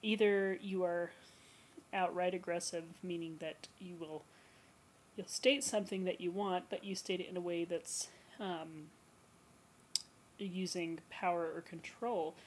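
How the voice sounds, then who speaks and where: A woman counselor speaking to camera in a relaxed, conversational vlog, explaining ideas for eating disorder recovery. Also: on the low side, a little slow, a little hiss or hum, poor audio. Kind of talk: educational vlog talk.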